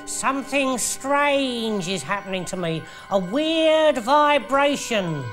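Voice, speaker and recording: A man's voice: extremely high pitch, lively intonation, slow pace, fairly bright tone, faint music behind, full character voice. A man voicing a mean, twitchy old sheep farmer with a quivery, snappish voice in a told story. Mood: grumpy, scheming. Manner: snappish and grasping. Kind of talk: storybook character voice.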